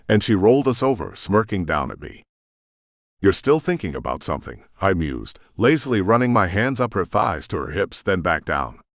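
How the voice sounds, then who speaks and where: A man narrating an audiobook in first person, gruff and brooding. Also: sits low, fairly bright tone, dry recording, clean studio sound.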